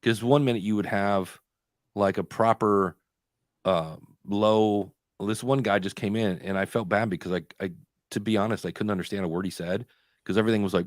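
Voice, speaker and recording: A man co-hosting a podcast live stream, telling stories in a chatty way and often pausing to hunt for the next word. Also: on the low side, fairly even intonation, no room sound, studio quality. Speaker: podcast co-host. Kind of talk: casual chat on a live stream.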